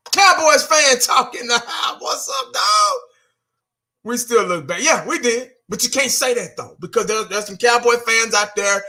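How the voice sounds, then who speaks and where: A man's voice: high voice, pushed and bright. A man giving a casual, blunt fan rant, exasperated, repeating himself and cursing now and then. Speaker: fan vlogger.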